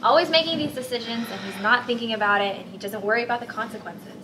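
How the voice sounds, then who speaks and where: Quick, bossy young woman student. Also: fairly high pitch, background noise. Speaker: student acting in a school skit. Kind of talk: amateur skit acting.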